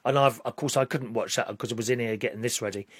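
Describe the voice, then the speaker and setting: A man's voice: medium pitch, steady tone, fast talker, slightly rough, dry recording, studio quality. A man with a British accent talking casually to camera in a rambling, opinionated way, now and then rising to indignant outbursts. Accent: British English. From Britain. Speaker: vlogger.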